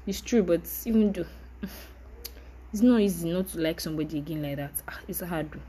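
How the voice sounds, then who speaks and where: A woman's voice: on the low side, brisk, warm tone, a little hiss or hum, poor audio. Candid young woman podcaster. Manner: candid, chatty, apologetic, with light laughs. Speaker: podcast host. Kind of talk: casual solo podcast monologue.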